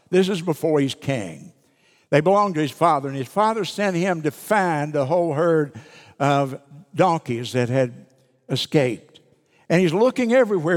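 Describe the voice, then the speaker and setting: A male pastor delivers a sermon, reading scripture and explaining it verse by verse. His voice sits a little higher than most men's. It rings out with a long reverb in a church sanctuary.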